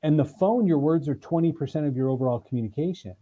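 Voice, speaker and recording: Casting note: animated male sales coach, mellow tone, slightly high voice, demonstrates lines in different voices. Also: quick pace, dull audio. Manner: energetic, emphatic, acts out examples in voices. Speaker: sales trainer. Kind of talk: interview guest, animated teaching.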